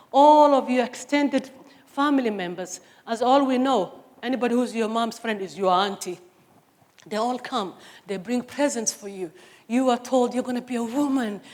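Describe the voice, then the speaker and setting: A middle-aged woman from Somalia giving an impassioned, emphatic personal testimony on stage. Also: on the high side. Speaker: speaker. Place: stage before an audience.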